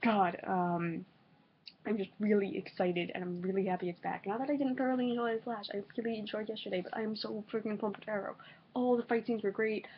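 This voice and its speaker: A woman's voice: medium pitch, a little fast, slight background noise. Gushing young woman fan, dull lo-fi audio. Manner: gushing, excitable, lots of swearing and fillers. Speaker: reaction video host. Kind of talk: excited casual vlog reaction.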